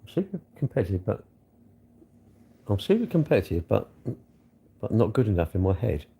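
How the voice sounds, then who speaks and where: A man's voice: fairly low pitch, very animated, normal speed, warm tone, breathy edge. A middle-aged man chatting loosely and self-mockingly on a late-night livestream from his bedroom, talking into his phone. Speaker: livestream host.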